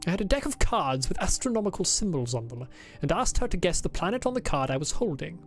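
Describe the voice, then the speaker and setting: A woman's voice: lowish voice, big pitch swings, fast, faint music behind. A woman voicing a pompous, insufferable male officer as she reads his game diary aloud in a stiff, formal put-on accent.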